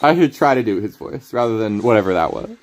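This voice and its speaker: A man's voice: on the low side, animated, fast. A man streaming a card game, rambling through casual commentary, playful and laughing often.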